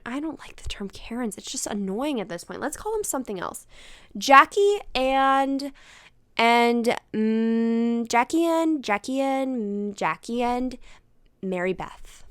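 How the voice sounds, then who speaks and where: Young female podcast host, chatty storyteller, smooth voice, close dry mic. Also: fairly low pitch, dry recording. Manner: animated, swears freely, acts out voices in quotes. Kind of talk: casual solo storytelling.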